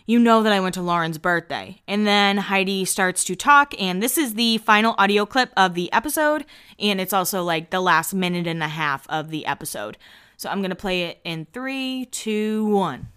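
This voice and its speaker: A woman hosting a podcast, chatting casually and with amusement as she recaps a reality show, quick with her asides. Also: medium pitch, animated, sharp tone, clear, resonant tone.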